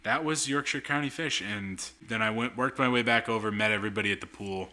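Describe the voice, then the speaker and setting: A man chatting casually on a podcast, telling a lively story and acting out what people said. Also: fairly low pitch, brisk, slight background noise. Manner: animated storyteller acting out quotes. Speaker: podcast guest. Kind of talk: casual chat.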